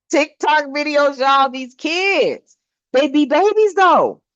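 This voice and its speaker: A woman giving a casual tarot reading indoors, talking in an animated, slangy and profane way, often breaking into laughter. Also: sits high, slow pace, no room sound. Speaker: tarot reader. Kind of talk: casual spiritual reading monologue. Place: indoors, room with air conditioner. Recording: dull, dry lo-fi sound.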